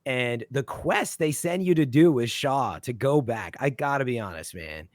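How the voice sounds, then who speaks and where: A man's voice: medium pitch, lively intonation, normal speed, dry recording, clean studio sound. A man hosting a casual podcast chat, rambling with frequent restarts and fillers. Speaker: podcast host.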